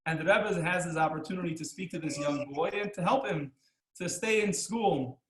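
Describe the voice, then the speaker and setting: A man teaching a class as a rabbi, telling stories and jokes in an animated, chuckling way, acting out the lines of the people in them. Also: a little high, moderate pace, echoey room, poor audio. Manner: animated, chuckling storyteller who acts out the characters' lines. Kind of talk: storytelling lesson with jokes.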